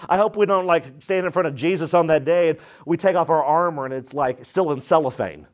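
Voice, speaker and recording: A pastor with a high-pitched voice delivers a fervent, emphatic sermon in church. He drives his points hard and calls on the congregation to answer back. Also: brisk, hardly any pauses. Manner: energetic, emphatic preaching with call-and-response.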